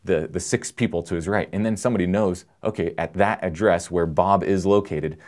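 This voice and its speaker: A man presenting an electronics lesson in a relaxed, joking way, explaining with everyday analogies. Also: deep voice, brisk. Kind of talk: casual technical lesson.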